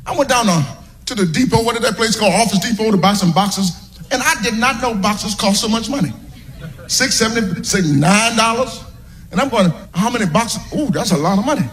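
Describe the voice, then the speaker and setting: A male comedian works through a stand-up set in a high voice. He rambles from one everyday anecdote to the next. The sound carries a long reverb tail with faint background noise. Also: a little fast, fairly bright tone.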